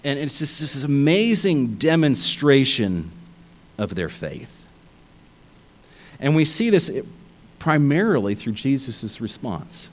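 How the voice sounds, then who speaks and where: A man's voice: mid-range voice, normal speed, rough recording. A male pastor delivers a sermon in an emphatic, conversational way. His voice rises and falls widely, and he often stumbles and restarts his phrases. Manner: animated, emphatic, many restarts.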